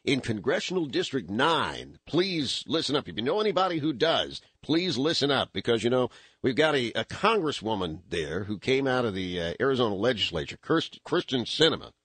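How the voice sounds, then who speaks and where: A man hosting a talk radio show from the studio, giving rambling, animated political commentary with lots of restarts. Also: medium pitch, moderate pace, slightly rough, no room sound.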